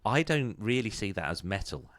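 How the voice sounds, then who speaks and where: A man's voice: lowish voice, sing-song, normal speed, fairly bright tone, no echo. A man hosting a podcast in casual chat, chatty and self-deprecating, laughing easily. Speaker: podcast host.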